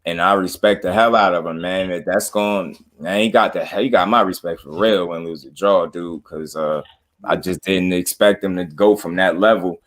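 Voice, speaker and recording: A man's voice: low-pitched, fairly even intonation, normal speed, a bit bright. A man hosting a casual panel chat, talking boxing in a slangy, opinionated way. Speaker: boxing show host.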